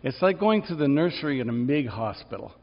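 Male preacher, sermon delivery, lively pitch, dull sound in a big echoing hall, acts out the cries in a strained voice. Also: fairly quick. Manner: animated, acts out quoted cries in a high strained voice. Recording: dull sound, long reverb in a large hall.

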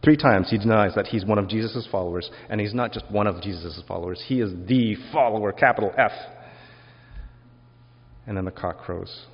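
A male pastor with a slightly rough, lowish voice preaches briskly. He takes a reflective, conversational approach, addressing rhetorical questions to those gathered. The recording is muffled and lo-fi, with a long hall echo.

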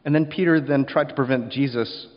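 A man preaching a sermon, rising to loud emphasis and then dropping quiet, often acting out short quotes. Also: mid-range voice, fairly quick, in a large hall, muffled recording. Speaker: pastor.

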